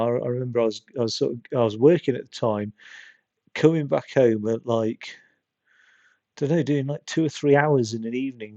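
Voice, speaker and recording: A man's voice: mid-range voice, gravelly, mellow, dry recording, muffled recording. A man rambling in casual gameplay commentary, often stopping and restarting his sentences. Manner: rambling, self-interrupting chatter. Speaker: streamer.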